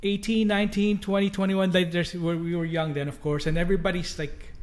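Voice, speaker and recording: A man's voice: high-pitched, little pitch movement, a little fast. A man, a DJ guest on a podcast, telling old club stories in casual chat, laughing often, swearing freely and restarting sentences. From Canada.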